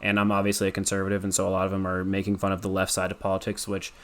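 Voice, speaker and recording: A young man from Colorado answers a podcast host's questions in a loose, rambling way, full of ums and likes. His voice sits a bit low and sounds clean and smooth. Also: monotone, very fast, a bit bright. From Colorado, USA. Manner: rambling, with many fillers and likes. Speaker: podcast guest. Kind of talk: casual interview answers.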